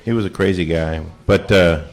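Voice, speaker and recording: A man doing a stand-up comedy set, telling a family story and acting out his drunk, shouting father. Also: low voice, steady tone, normal speed. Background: audience laughter.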